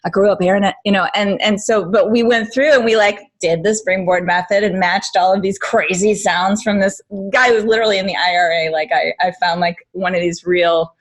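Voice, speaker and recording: A woman's voice: medium pitch, steady tone, a little fast, few pauses. An American woman, a dialect coach, hosting a casual webinar over a video call in a chatty, upbeat way. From United States.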